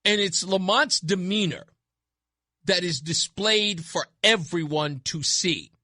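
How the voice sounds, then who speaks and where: In a dry recording, a man hosting a talk radio show speaks slowly in a high, sharp voice into a studio microphone. His opinionated monologue is blunt and emphatic, with points repeated for effect.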